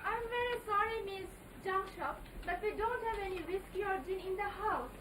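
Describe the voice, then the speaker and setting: A woman's voice: very high voice, normal speed, fairly bright tone, a little hiss or hum. A woman playing a prim, polite housekeeper in an amateur stage comedy. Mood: apologetic. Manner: prim, apologetic. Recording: echoey hall, distant mic.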